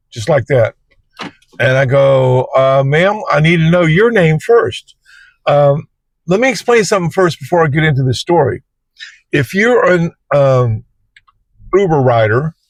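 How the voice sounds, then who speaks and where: A man's voice: medium pitch, dry recording. A man who drives for a ride service, telling a story to camera in a casual, colloquial, rambling way from inside his parked car. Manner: plain-spoken, colloquial, rambling. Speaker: Uber driver and vlogger.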